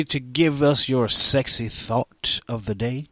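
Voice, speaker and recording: A man's voice: mid-range voice, takes it slowly, bright, forceful tone, no room sound, studio quality. A man hosting a casual talk radio show, playful and loose, often repeating himself as he talks.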